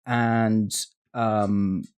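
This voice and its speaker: A man's voice: fairly low pitch, flat delivery, drawn-out words, a little mellow, clean tone, lo-fi sound. A man from the UK co-hosting a casual gaming podcast, teasing his friends in a playful way. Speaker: podcast co-host.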